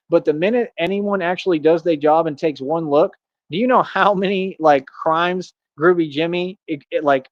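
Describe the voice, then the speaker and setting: A man on a livestream, bragging loudly and mocking rivals in a loose, rambling way. His voice sits a little higher than most men's, and his speech is full of fillers. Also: dull audio, a little hiss or hum. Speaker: streamer. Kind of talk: livestream rant.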